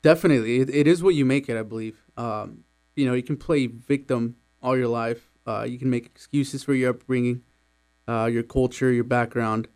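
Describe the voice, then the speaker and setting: A young man from Mexico in his twenties, a student guest in a radio studio, answering thoughtfully with many pauses and fillers. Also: mid-range voice, fairly even intonation, darkish tone. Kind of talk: interview answers.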